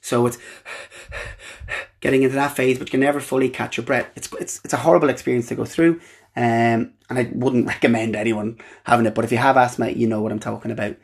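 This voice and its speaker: A young Irish man hosting a podcast, telling a personal story in an earnest, halting way with frequent restarts. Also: mid-range voice, steady tone, creaky, breathy edge. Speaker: podcast host.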